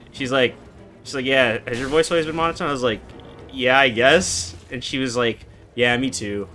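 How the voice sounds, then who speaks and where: A man in his twenties streaming a game, chatting casually and answering chat in a relaxed, monotone way. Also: mid-range voice. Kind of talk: casual live-stream chat while gaming.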